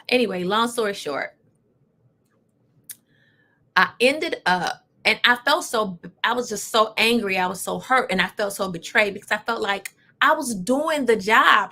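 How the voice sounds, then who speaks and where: A woman hosting a casual talk show, telling a personal story in an animated, emphatic way with lively asides. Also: mid-range voice, measured pace. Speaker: host.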